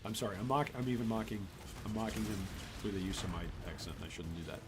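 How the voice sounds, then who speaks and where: A man's voice: on the low side, fast, over music. Man rambling over his gameplay. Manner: rambling, exasperated asides. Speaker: gaming channel host. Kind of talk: casual gameplay commentary.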